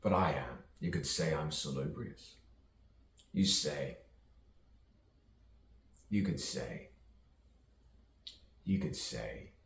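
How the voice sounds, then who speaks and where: Man with a very low voice, slow, playful rhyming ramble; distant mic in a roomy space. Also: creaky, fairly bright tone, a little hiss or hum. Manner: playful, rhyming wordplay, frequent chuckles. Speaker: poet. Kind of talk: rambling improvised monologue.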